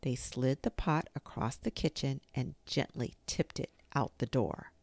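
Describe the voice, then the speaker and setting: A woman reading a children's storybook aloud in a slow, expressive manner. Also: extremely low pitch, dry recording. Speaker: narrator.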